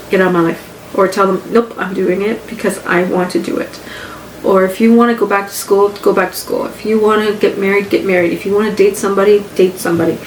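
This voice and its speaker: Rambling woman podcasting from home. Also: mid-range voice. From Canada. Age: adult with grown children. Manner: rambling and candid, repeats phrases. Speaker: podcast host. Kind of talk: casual personal podcast monologue. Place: living room. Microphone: home podcast mic setup. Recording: echoey room with faint background hum.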